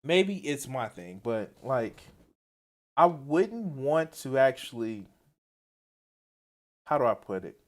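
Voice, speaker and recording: A man reacting to clips on a live stream, blunt and profane, swinging from quiet mumbling to loud outbursts. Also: mid-range voice, very animated, slow pace, pauses often. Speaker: commentary streamer.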